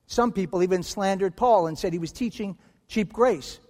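A man's voice: high voice, normal speed. A man preaching a sermon as pastor, emphatic, acting out quoted voices in a church sanctuary. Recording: long hall reverb.

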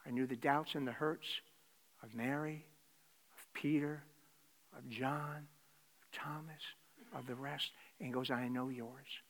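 A man preaching a sermon, swinging between loud exclamations and hushed near-whispers. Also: fairly high pitch, steady tone, measured pace, long pauses. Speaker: pastor. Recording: reverberant hall.

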